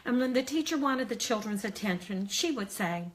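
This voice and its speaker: Older female teacher trainer, warm encouraging delivery, breaks into slow singsong chants. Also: medium pitch, expressive. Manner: friendly, encouraging explanation. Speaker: early childhood educator.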